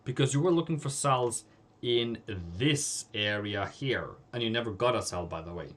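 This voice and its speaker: Man, Norwegian native, live trading host, blunt, scolding, repetitive, medium pitch. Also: lively intonation, normal speed. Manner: blunt, scolding, repeats phrases for emphasis. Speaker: forex trading livestream host.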